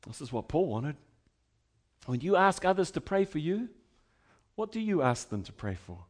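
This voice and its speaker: A middle-aged male pastor preaching a sermon, building to emphatic declarations and dropping to quiet, conversational asides, often repeating himself as he restarts phrases. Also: on the high side, very animated, moderate pace, long pauses.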